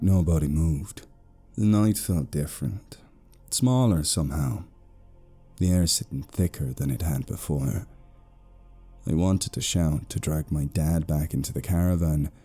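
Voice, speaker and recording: A British man narrating a horror story slowly, in a hushed tone. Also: sits low, breathy edge.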